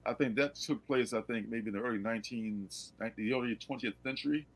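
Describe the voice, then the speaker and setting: A man hosting a casual comics livestream, animated and laughing, reading blurbs aloud. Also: mid-range voice, a little fast, soft background music. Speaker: host.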